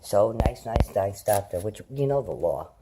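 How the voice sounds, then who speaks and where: A middle-aged woman with a very deep voice and lively intonation vlogs indoors at home, talking to camera at a moderate pace on a hand-held phone. She rambles loosely, swears freely and chats to her pets, and the background is noisy.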